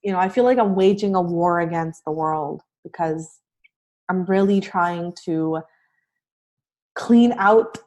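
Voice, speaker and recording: A woman's voice: on the low side, measured pace, a little mellow. A young adult woman, a life coach, talking as a guest in a casual podcast conversation, earnest and encouraging, with many fillers.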